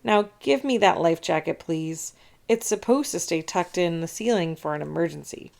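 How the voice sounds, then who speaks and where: A woman voicing a patient, kindly schoolteacher who chides gently in a storybook read-aloud. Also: lowish voice, animated, moderate pace, gravelly. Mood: gentle.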